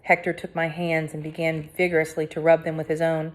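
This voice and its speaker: A woman reading a first-person audiobook aloud with dramatic, tense delivery that drops to hushed tones. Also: low-pitched, completely flat delivery, fairly quick, hardly any pauses. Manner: dramatic, swinging between hushed and cried out. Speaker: audiobook narrator.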